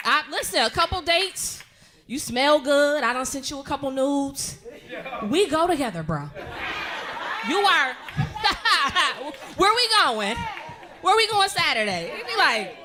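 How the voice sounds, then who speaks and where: A middle-aged woman performing a profane stand-up comedy set, telling stories loudly and animatedly. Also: high-pitched, unhurried, a crowd in the background. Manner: profane, loud, animated storytelling with frequent laughs. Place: comedy club stage with live audience.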